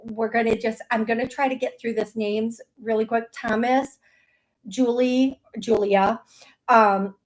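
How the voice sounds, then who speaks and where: A woman's voice: on the high side, steady tone, unhurried, rough recording. A middle-aged woman hosting a psychic medium show, chatty and casual, with frequent restarts and easy laughter. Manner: chatty, laughs easily, many restarts and fillers. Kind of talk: live call-in show talk.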